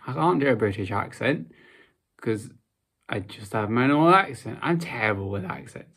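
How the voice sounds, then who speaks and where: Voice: mid-range voice, expressive, normal speed, fairly bright tone, husky. A sleep-deprived young adult vlogger talking in a casual, rambling way, mumbling at times and then perking up in sudden bursts.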